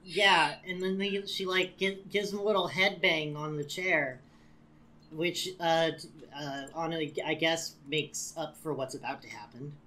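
A woman's voice: low voice, a little slow. A woman co-hosting a podcast, recapping a TV episode in a casual, sarcastic chat full of "like"s. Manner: animated and sarcastic, with many "like"s. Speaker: podcast co-host.

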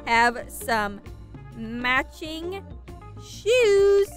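A young woman hosting a gaming channel, narrating a game role-play in a chatty, excitable way and talking to her viewers. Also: sits high, extremely slow, soft background music.

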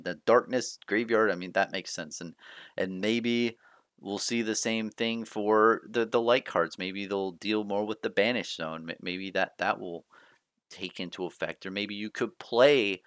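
A man excitedly sharing his thoughts on a card game in casual commentary, rambling and laughing often while keeping his voice down late at night. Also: on the low side, no room sound, studio quality. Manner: rambling and hyped, laughs often, frequent restarts. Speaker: card game video host.

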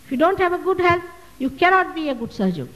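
A woman's voice: extremely high pitch, very animated, rapid-fire, fairly bright tone, big-room sound, poor audio. A woman, a spiritual teacher answering audience questions at a public talk, emphatic and full of rhetorical questions. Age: 60s. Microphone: loudspeaker microphone.

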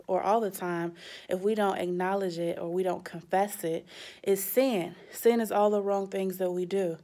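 A young adult woman, a children's pastor, speaking straight to the kids in a sermon with emphatic rises. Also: medium pitch. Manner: warm, direct address to kids, emphatic rises.

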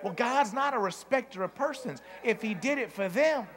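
A man preaching a sermon as pastor, shouting and laughing through repeated refrains before a congregation. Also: very high-pitched, lively intonation, moderate pace. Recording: live church recording with crowd and noise.

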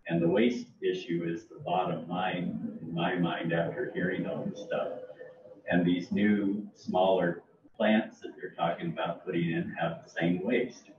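A man's voice: low voice, flat delivery, measured pace. An older man from Oregon speaking emphatically as an audience member at a library talk. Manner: emphatic, concerned. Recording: roomy, distant, muffled with faint noise.

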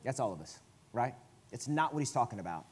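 A man with a Southern US accent, a guest preacher giving a conversational sermon in a church, swinging from quiet asides to emphatic, loud bursts. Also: mid-range voice, big pitch swings, a little fast, slightly rough. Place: church sanctuary.

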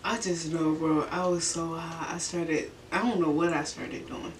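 A woman's voice: deep voice, fairly even intonation, measured pace. A young woman vlogger telling a story in her bedroom during a mukbang, laid-back, slangy and profane, laughing often. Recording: roomy, distant mic, faint hiss.

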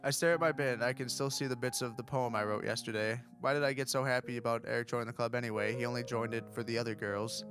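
Host reading game text aloud, mock-dramatic, even-pitched man. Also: fast talker, hardly any pauses, soft background music. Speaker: let's play host.

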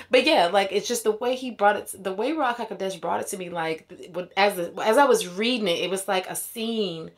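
A woman teaches scripture as if chatting with friends, with animated, slangy paraphrasing and quick laughs. Her tone is conversational and full of asides, and her pitch sits in an ordinary middle range. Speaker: Bible teacher. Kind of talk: casual Bible retelling.

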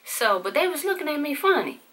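A woman's voice: high voice, big pitch swings, brisk, fairly bright tone. A woman vlogger telling a candid personal story in casual, profane, conversational speech.

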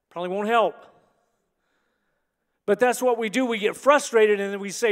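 A man preaching a sermon as pastor, moving from quiet, halting reflection to emphatic, rising delivery. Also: high voice. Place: large church hall. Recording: long hall reverb.

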